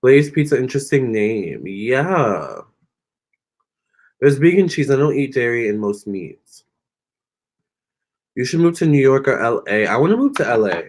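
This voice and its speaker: A man's voice: mid-range voice, very animated, measured pace, long pauses, a little mellow. A man doing a tarot reading on a live stream, answering viewer comments in a chatty, sassy way and calling them honey and girl. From Virginia. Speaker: tarot reader.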